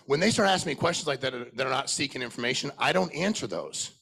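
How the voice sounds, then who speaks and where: A middle-aged man giving a blunt, profane, high-energy sales talk to a live conference audience, questioning people in the crowd. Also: lively intonation, a little fast, gravelly, few pauses, sharp tone, husky. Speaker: sales trainer speaking at a conference.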